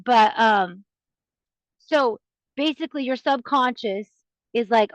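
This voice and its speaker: A woman's voice: a little high, slow pace, long pauses, no echo. A woman hosting a podcast, giving casual advice in an earnest, rambling way that often stops and restarts mid-sentence. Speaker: podcast host. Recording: dry, dull lo-fi recording.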